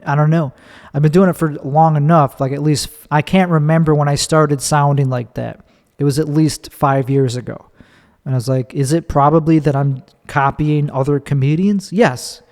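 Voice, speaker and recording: Slightly high and a bit mellow, this man's voice belongs to a thirtysomething Chicago comedian hosting his own podcast. He tells a casual solo story in a rambling, frank way, restarting and cursing, with long hall reverb on the audio.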